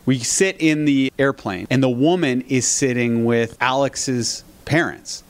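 A man's voice: mid-range voice, a little slow. A man in his thirties telling a story in casual chat, acting out quotes and swearing now and then. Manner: animated storytelling with acted-out quotes and frequent swearing. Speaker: storyteller guest.

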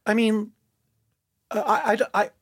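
A man telling a personal story in casual conversation, lively and full of restarts, jumping up in pitch for emphasis. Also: a little slow, slightly rough. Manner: animated, many restarts, jumps up in pitch for emphasis.

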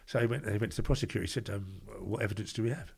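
An older man with a London accent, a guest telling stories briskly and acting out the dialogue. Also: lowish voice, gravelly, slightly rough. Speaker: guest, former doorman. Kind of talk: anecdotal storytelling.

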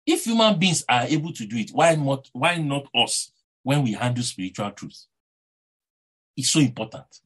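A Nigerian-accented man delivers a lively sermon in a slightly husky voice at a middling pitch. He presses his points with repeated phrases and rhetorical questions thrown to the congregation. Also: moderate pace. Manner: animated, rhetorical, repeats words, asks the congregation "eh?". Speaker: preacher.

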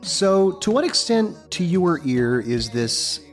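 A man's voice: sits high, sing-song, slow pace. A man co-hosting a music podcast, making dry, knowledgeable asides. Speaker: podcast co-host. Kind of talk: casual music discussion.

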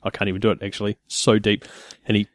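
A young man with a New Zealand accent, co-hosting a casual podcast and telling lively everyday stories. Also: fairly low pitch, quick pace, no echo, studio quality. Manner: animated storyteller, acts out quoted people. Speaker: podcast co-host. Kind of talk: casual chat.

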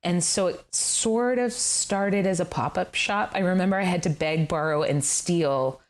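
A middle-aged woman, a guest telling her story in an interview, candid and animated, laughing often and swearing casually. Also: on the low side, measured pace. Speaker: guest, furniture designer. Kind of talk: conversational interview.

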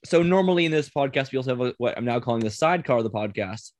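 A man's voice: mid-range voice, animated, racing, dry recording. A man hosting a casual podcast, chatty and rambling, often laughing. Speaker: podcast host.

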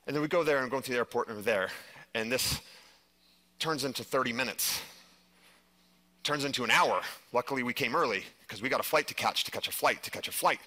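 A man giving a live stage presentation, telling a personal story in an animated way and saying "like" a lot. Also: medium pitch, fairly quick. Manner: animated storytelling, heavy use of "like". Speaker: conference speaker.

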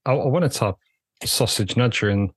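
A man's voice: mid-range voice, moderate pace, breathy edge, no room sound. A man co-hosting a podcast in casual chat, hesitant and often repeating words. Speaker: podcast co-host.

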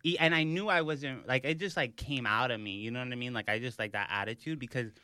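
A young man on a podcast, telling an animated story in casual chat, full of fillers. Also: medium pitch, quick pace, clean tone, no echo, studio quality. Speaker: podcast host.

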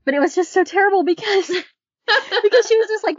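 A woman, a librarian who guests on a podcast, chatting casually in a lively way and laughing often. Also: extremely high pitch, dry recording. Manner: lively, quick to laugh, acts out quotes. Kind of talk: casual chat. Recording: dull lo-fi dry recording.

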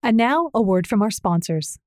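A woman's voice: medium pitch, expressive, normal speed, a little mellow, no echo, clean studio sound. A woman, the show's producer, delivering a parody commercial in a mock-cheerful, sarcastic sales voice. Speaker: podcast producer. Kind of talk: parody ad read.

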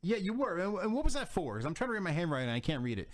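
A man's voice: high-pitched, very animated, very fast, a little hiss or hum. An American man hosting an interview, stammering and repeating his words in casual chat. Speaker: podcast host.

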